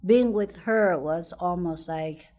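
A woman's voice: fairly low pitch, slow, darkish tone. A middle-aged woman telling a personal childhood story in conversation, hesitant, repeating words and laughing often. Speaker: interviewee.

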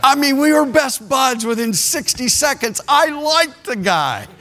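A man's voice: extremely high pitch, animated, a little slow, sharp tone. A man preaching a sermon as a pastor, telling a story with laughter and acting out the people in it.

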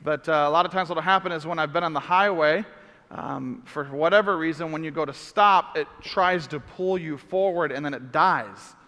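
A middle-aged man preaching, telling a story with lively acted-out outbursts. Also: on the high side, moderate pace, in a large hall. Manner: animated storyteller, acts out shouts. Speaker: pastor. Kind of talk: sermon storytelling.

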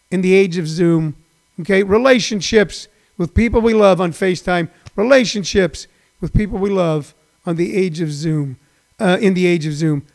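A man's voice: sits high, vocal fry. A man in his sixties, a comedian hosting his own daily online show, rambling and repeating himself with lots of fillers, in a folksy, encouraging way. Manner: rambling and repetitive, with many fillers. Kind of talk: rambling livestream monologue.

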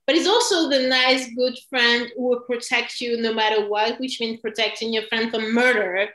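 Woman, casual chat, lots of "like", bright voice, echoey room. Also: fairly high pitch, steady tone, normal speed. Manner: thinks aloud with many "like"s. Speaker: podcast co-host discussing a film.

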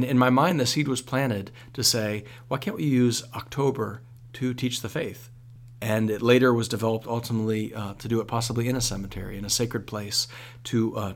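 Male priest, radio interview guest, animated storyteller with frequent restarts. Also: mid-range voice, creaky.

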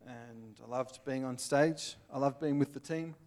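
A man's voice: medium pitch, measured pace, darkish tone. An Australian man giving an earnest, plainspoken sermon, with little acted-out scenes. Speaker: pastor.

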